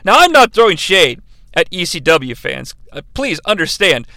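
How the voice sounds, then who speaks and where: A man's voice: fairly high pitch, very animated, moderate pace, vocal fry, bright, forceful tone, dry recording. A man hosting a comedic wrestling review, calling the action with sarcastic, profane asides. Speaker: host reviewing wrestling matches. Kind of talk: comedic play-by-play commentary.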